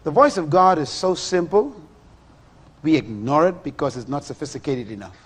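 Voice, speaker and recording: Lively middle-aged male preacher. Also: fairly high pitch, moderate pace, husky. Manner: animated, rhetorical questions to the audience. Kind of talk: sermon.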